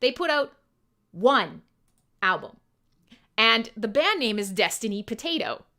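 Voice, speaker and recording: Woman metal radio host, giggly, swears a lot, rambles, highish voice. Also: very animated, a little slow, bright, forceful tone. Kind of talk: casual live-stream chat.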